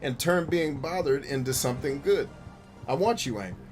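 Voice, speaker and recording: A man hosting a gaming show, talking bluntly and profanely in casual commentary while he plays, with quick jokey asides. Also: fairly high pitch, a little mellow, faint music behind. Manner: laughs easily, jokey asides.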